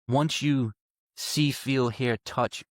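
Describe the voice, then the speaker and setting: A man's voice: mid-range voice, fairly even intonation, slow pace, dry recording, clean studio sound. A man telling a personal story as a podcast guest, earnest and emphatic, piling up repeated phrases and swearing now and then.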